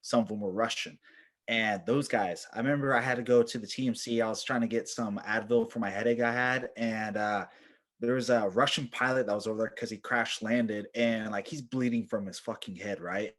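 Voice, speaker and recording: A man's voice: mid-range voice, moderate pace. A man guest on a podcast, a military veteran telling casual stories in a rambling way, with lots of fillers and swearing. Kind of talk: casual storytelling.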